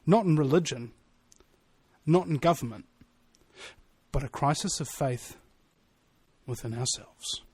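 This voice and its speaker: A man's voice: on the high side, measured pace, pauses often, a little mellow, slightly rough, no room sound. A man hosting a radio talk show, talking in a blunt, fired-up motivational way. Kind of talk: casual radio chat.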